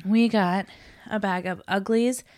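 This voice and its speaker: A woman's voice: medium pitch, fairly even intonation, measured pace, a little mellow, no room sound. Female podcast host, winded and rambling, dry close sound. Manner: rambling, talkative, tired. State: out of breath, recovering from illness. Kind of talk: casual chat.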